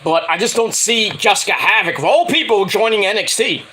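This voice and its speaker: A man giving a rambling, casual spoken review of a wrestling show, excitable and swearing freely. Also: sits high, fairly quick, slightly rough, low-quality recording.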